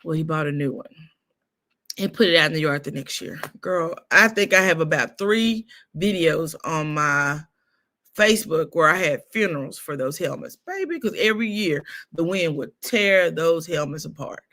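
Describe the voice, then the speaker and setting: A woman hosting a casual gossip livestream, telling stories in a lively way with laughs. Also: deep voice, normal speed. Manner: animated storytelling with laughs. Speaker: show host.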